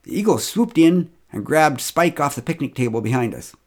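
A man's voice: on the high side, sing-song, normal speed. A middle-aged man telling a humorous first-person story with wry, dry humor.

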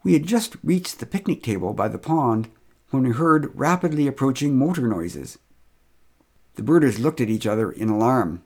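A man's voice: medium pitch, animated, moderate pace, darkish tone. A middle-aged man telling a humorous first-person story with wry, dry humor.

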